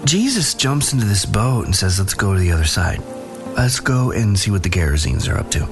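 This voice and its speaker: Lively, low-voiced man preaching casually. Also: brisk, over music. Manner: relaxed, conversational storytelling with casual slang. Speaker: pastor. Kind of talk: sermon.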